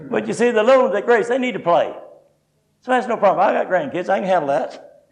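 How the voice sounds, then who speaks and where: A man's voice: sits high, big pitch swings, brisk, vocal fry, low-quality recording. An older man preaching a sermon, telling his own story in a folksy, humorous way. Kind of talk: sermon teaching with personal testimony.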